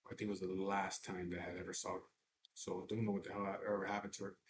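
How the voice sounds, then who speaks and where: A man's voice: sits low, level tone, quick pace. A middle-aged man, telling a personal story in a blunt, profane, casual way. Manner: blunt and profane, with double negatives. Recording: echoey room with faint background noise.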